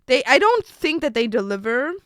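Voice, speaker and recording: A woman's voice: high voice, very animated, moderate pace, a bit bright, clean tone, no echo, clean studio sound. A young woman streamer chatting casually with her viewers, thinking aloud and swearing now and then as she picks food to order.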